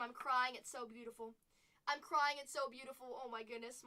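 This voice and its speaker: A woman's voice: high voice, normal speed, bright, forceful tone, distant mic. A woman hosting a live card-opening stream from a studio, joking and gushing over each pull. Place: streaming studio under stage lights.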